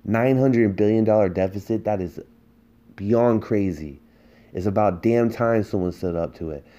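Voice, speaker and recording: Low-voiced man ranting on a podcast. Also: mellow. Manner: heated, emphatic ranting with rhetorical questions. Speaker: podcast host. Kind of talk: political podcast monologue.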